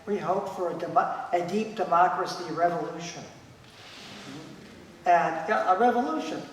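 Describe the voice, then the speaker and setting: A man's voice: high-pitched, moderate pace, slight background noise. A man giving an emphatic talk at a conference, repeating his key points and acting out the voices of people he quotes. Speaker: conference speaker. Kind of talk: lecture at a conference. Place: conference hall. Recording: echoey hall, voice picked up from a distance.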